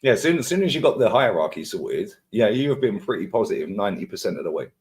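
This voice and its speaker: Young male host, low voice, rapid teasing banter. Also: big pitch swings, darkish tone. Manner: teasing, laughs, quick banter. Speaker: show host. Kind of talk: casual football debate.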